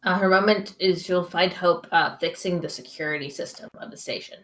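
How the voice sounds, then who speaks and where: Woman, player, low voice, halting, frequent uh. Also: steady tone, a bit bright. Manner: halting, many "uh"s.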